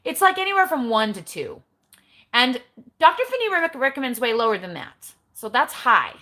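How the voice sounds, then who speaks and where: A woman's voice: fairly high pitch, very animated, moderate pace, sharp tone. Chatty, blunt middle-aged woman vlogger. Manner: chatty, blunt, eye-rolling asides. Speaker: keto vlogger. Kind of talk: casual livestream chat. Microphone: phone.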